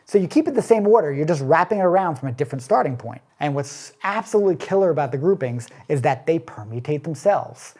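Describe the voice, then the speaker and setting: A man teaching a drum lesson, explaining step by step in a casual way and counting beats aloud. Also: a little high. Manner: relaxed, casual phrasing.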